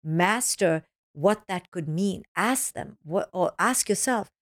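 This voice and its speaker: Woman, parenting author on a podcast, lowish voice, animated delivery, explains with acronyms, dry close sound. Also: slow, no room sound. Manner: animated, acts out children's voices in quotes. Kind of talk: podcast interview.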